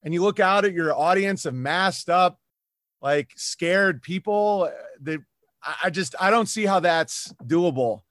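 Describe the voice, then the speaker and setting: Animated high-voiced male comedian ranting. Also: measured pace, dry recording, clean studio sound. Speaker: comedian guest. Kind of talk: casual podcast chat.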